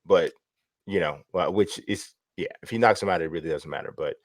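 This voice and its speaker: A man's voice: sits low, a little fast, no echo, clean studio sound. A man co-hosting a casual boxing chat, rambling and restarting his sentences, often laughing. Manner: rambling, laughs a lot, self-interrupting. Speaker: boxing podcast co-host.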